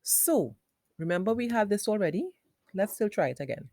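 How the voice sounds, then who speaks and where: A woman teacher giving a phonics lesson for young children, sounding out words slowly in parts. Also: on the low side, expressive, darkish tone, dry recording, studio quality.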